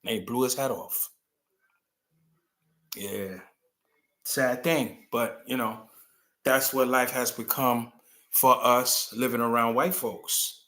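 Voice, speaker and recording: Bright-voiced man riffing on a talk show. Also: medium pitch, slow pace, pauses often. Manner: animated, rambling, acts out quoted people. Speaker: commentary show host. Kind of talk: casual opinion monologue.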